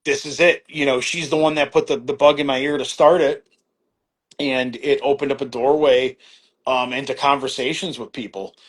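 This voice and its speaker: Middle-aged man, mid-pitched and relaxed, telling a loose, filler-heavy story as a podcast guest with casual swearing. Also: moderate pace. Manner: rambling, many fillers and restarts, acts out quoted exchanges; laid-back, swears casually.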